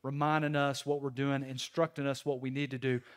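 A man, a pastor preaching a sermon in a conversational, storytelling way with sudden loud bursts. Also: mid-range voice, level tone, brisk.

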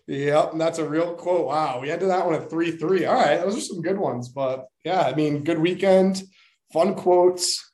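A man's voice: fairly high pitch, a little slow, a little mellow. A man co-hosting a casual sports podcast, upbeat as he runs a quiz segment. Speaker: podcast co-host.

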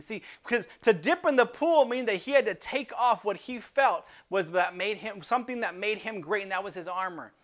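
Bright high-voiced impassioned male preacher. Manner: impassioned, swings from loud emphasis to hushed intensity; repeats words on restarts. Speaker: pastor. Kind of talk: sermon.

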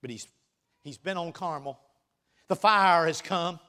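A man preaching a sermon, reading scripture aloud and swinging between loud bursts and quiet, teasing asides. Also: on the high side, a little slow.

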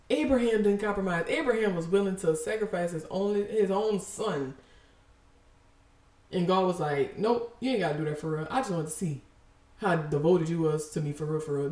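A woman preaching a casual, passionate sermon, animated and emphatic, full of slang and repeated phrases. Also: mid-range voice, roomy sound, far from the mic.

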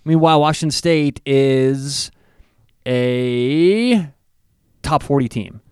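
A man co-hosting a casual sports talk show, analyzing a college football matchup with quick, enthusiastic asides. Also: medium pitch, darkish tone, smooth, dry recording, studio quality.

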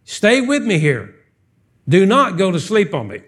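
High-voiced preacher, lively and joking. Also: male voice, a little slow, slightly rough. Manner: animated, joking, fires off rhetorical questions. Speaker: pastor. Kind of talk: sermon. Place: church sanctuary, live service.

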